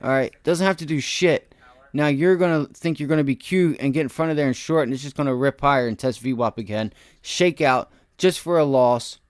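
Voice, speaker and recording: With no echo and a brisk delivery, a day-trading streamer narrates the market live for his viewers in slangy, boastful terms. One moment he bursts out loudly with excitement, the next he mutters quietly to himself.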